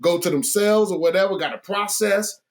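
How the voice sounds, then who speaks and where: A woman's voice: mid-range voice, normal speed. Slangy laid-back woman guest. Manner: slangy, repeats phrases, lots of "like". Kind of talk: casual chat.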